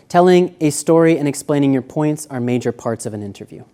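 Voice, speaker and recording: A man giving a live seminar lecture, walking around and shifting between quiet, slow speech and loud emphasis. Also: a little high, expressive. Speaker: seminar presenter. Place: university seminar room.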